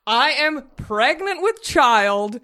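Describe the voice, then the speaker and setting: A woman's voice: high-pitched, slow. A woman podcast host with a Southern accent, chatting casually and telling stories with lots of laughter. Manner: animated, laughing storyteller. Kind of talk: casual chat.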